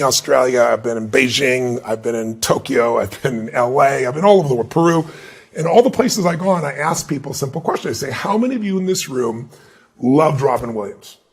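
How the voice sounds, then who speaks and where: With a medium-pitched, slightly rough voice, a middle-aged motivational speaker responds to an interview. He tells stories animatedly, acting out the voices of people he quotes.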